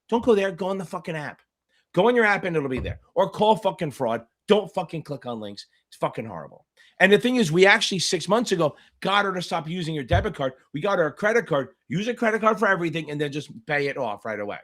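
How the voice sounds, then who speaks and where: A man's voice: sits high, animated, a bit bright. A middle-aged man tutoring for a finance exam on a live Q&A stream, talking bluntly with constant swearing. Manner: blunt, profane, rapid rants.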